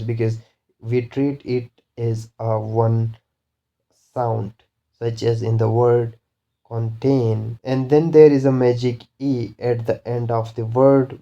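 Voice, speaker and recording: Slow, dark-voiced man teaching pronunciation. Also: mid-range voice. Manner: slow, deliberate, repeats example words. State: coughing now and then. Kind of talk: recorded lesson.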